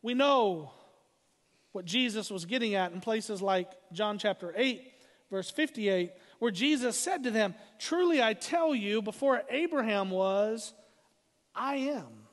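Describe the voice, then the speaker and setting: A man preaching a sermon as pastor, emphatic and slowing down to read scripture. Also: high-pitched, animated, long reverb tail.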